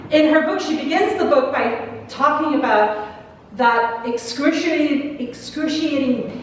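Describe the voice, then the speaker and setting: Canadian woman pastor, bright high voice, preaching from far off in a long-reverb sanctuary. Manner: chatty, storytelling with asides and laughs. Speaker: minister. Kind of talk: sermon reflection told as a story. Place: large church sanctuary. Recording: echoey church hall from far off, faint noise.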